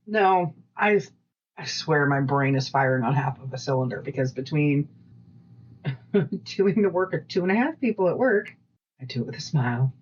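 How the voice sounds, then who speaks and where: A woman co-hosting a podcast, chatting casually and rambling through stories with lively quoted voices. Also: low voice, normal speed, highs cut off, slight background noise. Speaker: podcast co-host. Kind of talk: casual chat.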